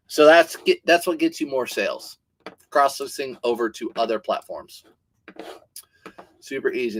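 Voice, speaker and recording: A man's voice: fairly high pitch, a bit bright. A man hosting a casual livestream about reselling, chatting and answering viewer comments as he goes. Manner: chatty, reads viewer comments aloud, restarts sentences.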